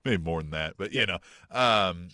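A man's voice: sits low, moderate pace, sharp tone, dry recording, studio quality. A man co-hosting a casual wrestling podcast, laughing often and swearing as he chats. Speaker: podcast co-host.

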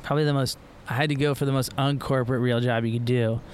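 A man's voice: medium pitch, fairly even intonation, fast talker, slight background noise. A middle-aged man from Florida, a pro surfer guest, talking in a loose, rambling way with lots of fillers and restarts. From Florida, USA. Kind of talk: casual podcast conversation.

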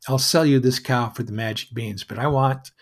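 A man with a husky voice voicing a foolish, eager young boy in a storybook tale, talking with excited eagerness. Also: medium pitch, moderate pace, lightly acted.

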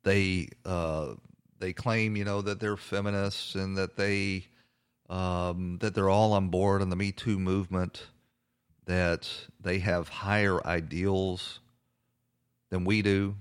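Deep-voiced indignant male talk host. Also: flat delivery, takes it slowly, clear, resonant tone. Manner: indignant, hesitant with many fillers. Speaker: political talk show host. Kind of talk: conservative radio talk commentary.

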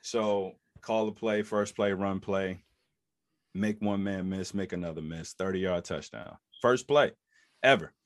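A deep voice at a measured pace belongs to a man in his thirties, a former NFL running back appearing on a podcast. In animated interview storytelling, he acts out quotes in raised voices, recorded dry at studio quality.

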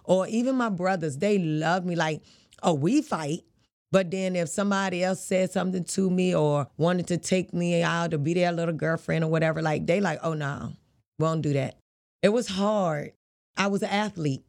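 A woman's voice: lowish voice, normal speed, a little mellow. A woman, a boxer as guest, telling her life story frankly in casual, vernacular speech. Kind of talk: candid interview storytelling.

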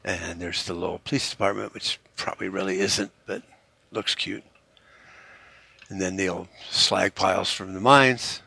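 A man's voice: low voice, steady tone, moderate pace, creaky, sharp tone, slightly rough, dry recording. A middle-aged man hosting a podcast, chatting casually and cursing freely as he drives through a small town. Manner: profane, easygoing, drifting into a joking Australian put-on. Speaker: podcast host. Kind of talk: casual rambling monologue while driving through a town.

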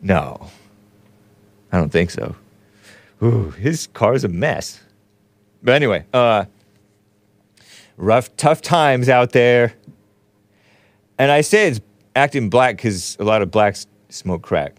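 A man's voice: mid-range voice, lively intonation, slow, long pauses, dry recording. A man in his forties hosting a show, giving casual, wry commentary on news clips with sarcastic asides. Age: 40s. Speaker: host.

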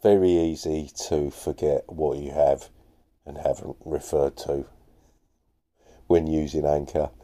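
A man's voice: very deep voice, flat delivery, unhurried, long pauses, dark tone. A man hosting a podcast, chatting casually and a bit self-deprecatingly about listener messages. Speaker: podcast host.

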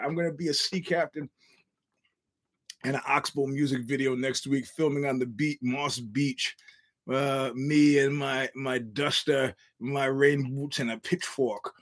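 A man's voice: medium pitch, a bit bright. A man hosting his own podcast, rambling through a wry, chuckling solo monologue with frequent restarts. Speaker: podcast host.

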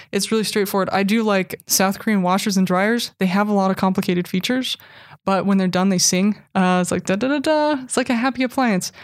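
A woman guest talks in a casual, animated way, spinning stories with wry asides. Her pitch sits in an ordinary middle range. The recording is dry and close. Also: no room sound. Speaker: guest, cyborg anthropologist. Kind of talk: casual interview talk.

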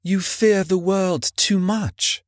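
A man voicing a gentle young woman who speaks softly and sadly, in an audiobook reading. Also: fairly high pitch, animated, unhurried, dry recording, studio quality. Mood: sorrowful. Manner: soft, gentle pleading.

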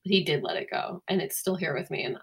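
A woman's voice: on the low side, fast talker, creaky, breathy edge. A young woman co-hosting a podcast in casual chat, telling a story and acting out the quotes. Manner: animated storytelling, acts out quotes. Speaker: podcast co-host.

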